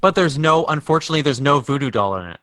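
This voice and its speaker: A man's voice: fairly high pitch, lively intonation, fast talker, a bit bright, no room sound. A man co-hosting a podcast, offering wry, jokey commentary in casual chat. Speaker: podcast co-host.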